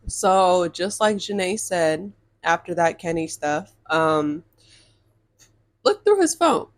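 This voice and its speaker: A young woman telling a dating storytime to her viewers, animated and exasperated, swearing freely and calling her audience y'all. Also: on the low side, slow pace. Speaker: storytime vlogger. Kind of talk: casual storytime rant.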